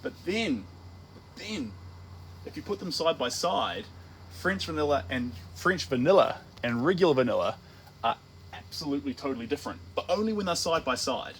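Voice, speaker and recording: A man's voice: a little high, big pitch swings, moderate pace, a bit bright, a little hiss or hum, low-quality recording. A man with a New Zealand accent, an artist chatting casually on a livestream while he paints, rambling and playful. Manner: rambling, playful, full of restarts and tangents.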